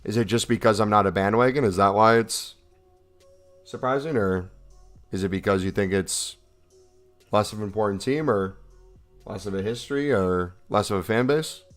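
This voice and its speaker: A man's voice: fairly low pitch, normal speed, long pauses, faint music behind. A young American man casually chatting on a livestream, reading out and answering chat questions with jokes. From United States. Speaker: streamer reading live chat.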